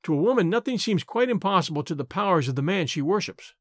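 Guy reading an old short story, really animated, dry close mic. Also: sits high, a little fast, few pauses, no room sound. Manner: expressive, varied.

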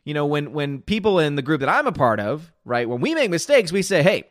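A man's voice: a little high, very animated, a little fast, no room sound, clean studio sound. A man hosting a casual live stream, greeting viewers by name and giving blunt, opinionated commentary. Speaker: livestream host reading chat.

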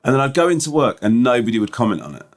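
A man co-hosting a podcast in casual chat, who reads listener emails aloud and tells self-mocking stories with halting restarts. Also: mid-range voice, big pitch swings. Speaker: podcast co-host.

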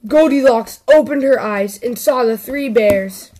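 Kids' story host, female, unhurried and light-voiced. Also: a little high, dark tone, a little hiss or hum. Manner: slow, deliberate storytelling. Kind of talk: reading a children's story.

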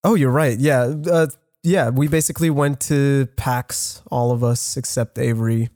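A man's voice: medium pitch, steady tone, moderate pace, darkish tone, no echo, studio quality. A man co-hosting a casual podcast, protesting, swearing and laughing through the banter. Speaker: podcast co-host.

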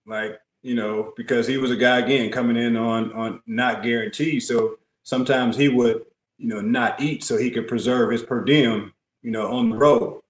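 A man in his forties, a guest in a casual interview, who speaks calmly and repeats key phrases to stress them. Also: mid-range voice, normal speed. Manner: calm, loyal, repeats phrases for emphasis. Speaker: guest, former NBA player. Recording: roomy echo.

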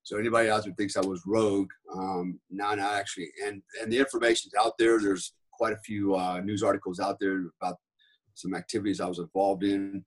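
Husky-voiced man telling war stories. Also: deep voice, little pitch movement, fairly quick. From United States. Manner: rambling, profane, lots of fillers. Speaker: podcast guest. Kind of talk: casual storytelling.

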